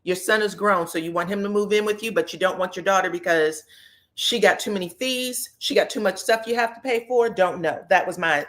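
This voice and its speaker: A woman's voice: medium pitch, fairly quick, a bit bright. A woman talking bluntly and with sass in a casual recap, dropping in quoted lines in shifted voices. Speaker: recap commentator.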